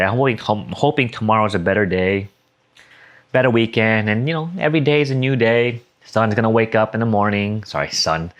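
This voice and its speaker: A man's voice: on the low side, fairly bright tone. A young man talking casually and emotionally in a personal vlog, rambling and correcting himself as he reflects. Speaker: vlogger.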